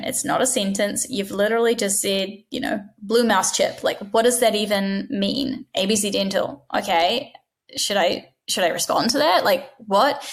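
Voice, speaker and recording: A woman teaching front-desk staff how to answer the phone. She talks directly and with emphasis, often acting out sample greetings in a brighter voice to show what works and what falls flat. Her pitch sits in the middle. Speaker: dental practice trainer. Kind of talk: instructional talk.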